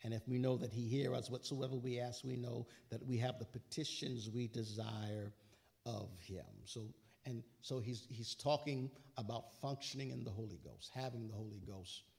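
A man's voice: mid-range voice, steady tone, normal speed, gravelly, darkish tone. A man preaching a sermon, quoting scripture with rising, emphatic bursts and casual asides.

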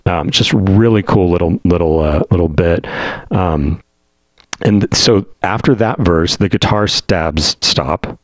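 A man chatting casually as a podcast panelist, enthusiastic and halting, with many fillers and restarts. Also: sits low, no room sound. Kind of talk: casual chat.

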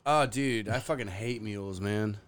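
A man's voice: fairly low pitch, normal speed, a crowd in the background. A man in crude casual podcast banter, blunt and swearing freely.

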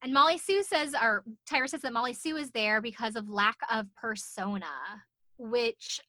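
A woman's voice: fairly high pitch, moderate pace, pushed and bright, dry recording. A young woman co-hosting a podcast, chatting casually about a show, swearing and laughing often. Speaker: podcast co-host. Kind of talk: casual recap chat.

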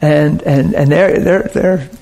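Man, preacher, sermon, earnest, conversational, slightly high voice. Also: slow pace, creaky, mellow. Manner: earnest, conversational, often checks in with the audience.

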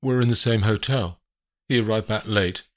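A man reading an audiobook, giving his own low voice to a guarded, evasive businessman. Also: normal speed, natural voice. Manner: terse, guarded. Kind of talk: audiobook character voice.

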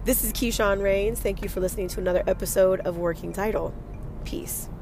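A woman hosting a solo motivational podcast, talking in an energetic, emphatic and casual way with some swearing. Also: mid-range voice, fairly quick, background noise. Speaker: podcast host.

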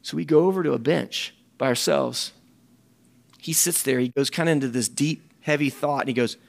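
Earnest preacher guy telling a story, kinda high voice with lots of gravel, repeats himself. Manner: animated and earnest, repeats words. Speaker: ministry director and speaker. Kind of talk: storytelling sermon talk.

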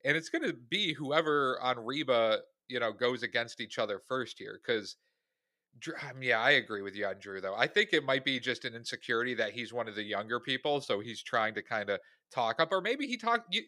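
A man co-hosting a casual podcast, talking at an ordinary middle pitch with a bright, forceful tone. The sound is dry and close, with no room around it, and he lays out his views in an easygoing way. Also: animated, brisk, no echo. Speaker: podcast co-host. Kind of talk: casual chat.

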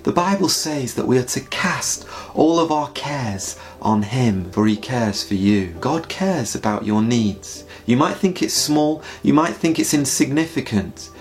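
Animated man telling a sermon story. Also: medium pitch, measured pace, few pauses. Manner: animated storyteller, rising to an earnest plea. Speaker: preacher. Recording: soft music behind.

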